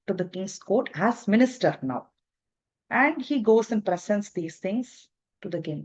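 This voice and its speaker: A woman teacher telling a story in a relaxed, halting way with restarts, on a dull lo-fi recording. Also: mid-range voice. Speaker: spiritual teacher. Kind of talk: storytelling in a lesson.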